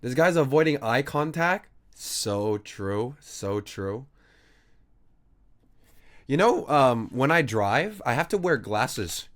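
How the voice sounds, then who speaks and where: A man's voice: medium pitch, sing-song, slow, long pauses. A man streaming a game, chatting casually with a sarcastic, teasing manner and frequent swearing. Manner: sarcastic, teasing, mock-arguing with chat.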